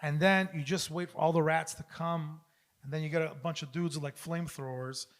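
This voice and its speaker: A man guesting on a comedy podcast, telling a bit in a profane, animated way. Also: fairly high pitch, fairly quick, a little hiss or hum. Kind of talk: casual comedy podcast banter.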